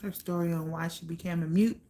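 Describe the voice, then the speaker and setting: A young woman telling her own life story in a candid, blunt way, pausing often with fillers. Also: lowish voice, steady tone, dark tone, slight background noise. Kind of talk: personal storytelling monologue.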